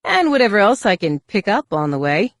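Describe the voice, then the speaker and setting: A man's voice: high voice, very animated, a little fast, a bit bright, dry recording, studio quality, voice pushed up, full character voice. A man voicing a cocky middle-aged human smuggler, brash and gloating, in an audiobook reading. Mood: sly.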